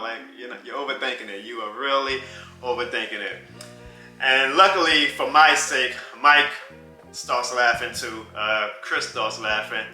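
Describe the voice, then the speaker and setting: A man in his thirties telling a personal story in a casual vlog, animated and often laughing. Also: mid-range voice, normal speed. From New Orleans. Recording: roomy with faint music.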